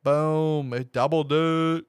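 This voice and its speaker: A man's voice: fairly high pitch, steady tone, slow, clear, resonant tone, dry recording, studio quality. A man hosting a casual movie podcast, rambling through his notes with lots of fillers and restarts. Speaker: podcast host.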